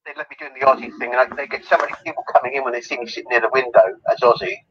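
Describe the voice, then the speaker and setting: A man's voice: mid-range voice, steady tone, racing, slight background noise. A man, a guest telling rambling, giggly anecdotes in a casual interview, over muffled call audio. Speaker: guest, celebrity lookalike.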